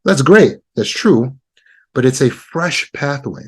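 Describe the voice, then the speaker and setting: A man's voice: medium pitch, lively intonation, takes it slowly, breathy edge. A man giving a self-help lesson on overcoming insecurity. He walks the listener through the steps one at a time and repeats his key points. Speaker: trauma recovery teacher. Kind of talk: self-help teaching talk.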